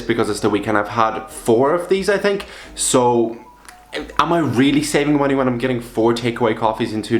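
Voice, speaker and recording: Young man, casual vlog chat, self-deprecating, echoey room. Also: mid-range voice. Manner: chatty, self-mocking, rambling. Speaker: vlogger. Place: apartment at home.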